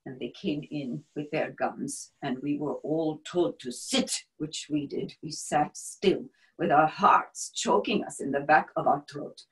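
A brave wartime helper, played by a woman, tells her story in a grave, measured first-person monologue. Her voice sits a little low and sinks at times to a hushed whisper. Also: poor audio. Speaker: stage performer.

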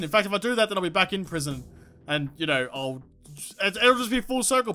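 A woman giving excitable, swear-filled let's-play commentary, talking to herself and the game. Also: mid-range voice, fast. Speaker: gaming YouTuber. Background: game music.

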